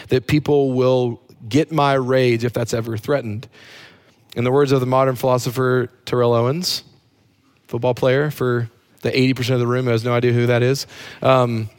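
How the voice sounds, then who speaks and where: A man preaching a sermon in an animated way, dropping low and quiet on key phrases. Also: a little slow. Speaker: pastor.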